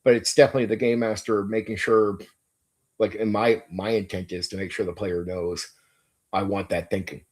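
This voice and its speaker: A game master and channel host, this man speaks low, steady and brisk on a casual stream about running tabletop games. He's enthusiastic and emphatic, swears freely, and repeats words while thinking aloud.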